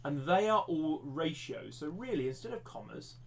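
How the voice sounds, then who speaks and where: Male maths teacher on a live stream, voice a touch high, friendly and rambling, self-mocking asides. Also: very animated, moderate pace. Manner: chatty, self-deprecating, thinks aloud with restarts.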